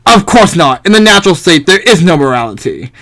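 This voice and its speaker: A man voicing a haughty male English philosopher in a game, speaking low, slow and pompous. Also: big pitch swings, pushed and bright, full character voice. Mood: scornful.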